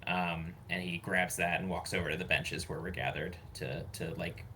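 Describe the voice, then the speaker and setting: Very deep-voiced hesitant man. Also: fairly even intonation, moderate pace, bright, forceful tone, husky. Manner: hesitant, filler-heavy describing actions. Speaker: player. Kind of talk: tabletop game play.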